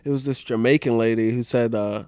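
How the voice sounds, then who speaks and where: A man's voice: medium pitch, fairly even intonation, a little fast, darkish tone, clear, resonant tone, no echo, clean studio sound. A young man co-hosting a casual podcast, telling a crude workplace story in a rambling way and laughing often. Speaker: podcast co-host. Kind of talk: casual chat.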